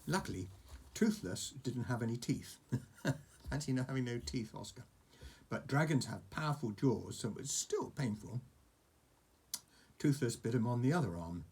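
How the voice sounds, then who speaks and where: An older man, a grandfather, reading a storybook aloud to a grandchild with gentle chatty asides. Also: medium pitch, expressive, normal speed, long pauses, husky. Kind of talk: storybook reading over a message.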